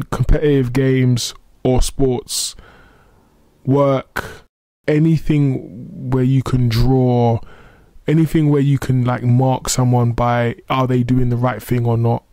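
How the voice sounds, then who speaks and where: A man's voice: medium pitch, mellow, no room sound. A man hosting a solo motivational podcast, talking in an earnest, conversational way with self-deprecating asides. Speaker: podcast host.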